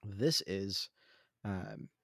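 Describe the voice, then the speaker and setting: A man's voice: deep voice, huge pitch swings, extremely slow, gravelly, a bit bright, dry recording, studio quality. A young man from the Central Coast of California, co-hosting a podcast in casual, self-deprecating, joking chat. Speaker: podcast co-host.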